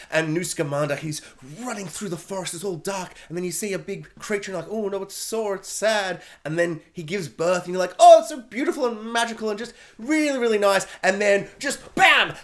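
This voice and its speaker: High-voiced, animated male film reviewer. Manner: animated, sarcastic, joking asides. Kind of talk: casual spoiler review rant.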